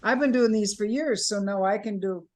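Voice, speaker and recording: A woman's voice: mid-range voice, moderate pace, darkish tone. A woman from Canada teaching a voice workshop over a video call, guiding breathing exercises and demonstrating vocal sounds. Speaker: voice coach. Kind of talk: online workshop instruction.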